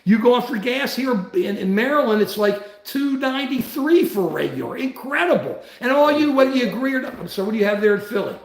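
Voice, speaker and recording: A man's voice: very high-pitched, lively intonation, fairly quick, few pauses, roomy sound. A man hosting a casual livestream, talking in a worked-up way and reading out viewer comments. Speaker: livestream host.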